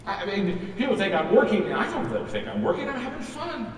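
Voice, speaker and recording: A man's voice: sits high, huge pitch swings, fast, background noise. An older man giving a motivational keynote talk, folksy and anecdotal, playing to a large crowd. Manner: folksy storytelling, quotes imagined audience voices. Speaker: keynote speaker. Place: large event hall. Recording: echoey hall with crowd, from far off. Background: live audience laughter.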